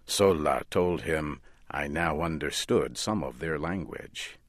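A man narrating a story in a deliberate, measured delivery. His voice sits low and he takes his time over each phrase. The sound is dry and close, with no room echo.

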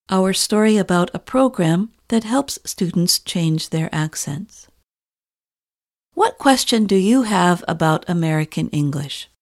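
A woman narrates a scripted English lesson at a very slow, measured pace. Her pronunciation is careful and deliberate, with every word clearly shaped for learners. Her voice sits in an ordinary middle range for a woman. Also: medium pitch, warm tone. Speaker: English teacher.

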